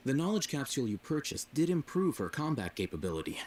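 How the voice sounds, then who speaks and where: An actor playing a cool, calculating male scholar in a game, measured and matter-of-fact. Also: mid-range voice, big pitch swings, lightly acted. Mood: detached.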